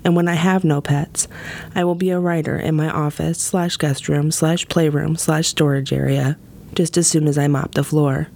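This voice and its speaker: A woman performing her own spoken-word poem in a wry, deadpan, measured way. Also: low voice, gravelly. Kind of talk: spoken-word poetry reading.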